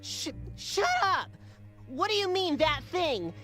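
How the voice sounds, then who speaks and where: A woman's voice: extremely high pitch, sing-song, takes it slowly, a bit bright, soft background music, full character voice. A woman voicing a whiny, bratty young boy in a video game.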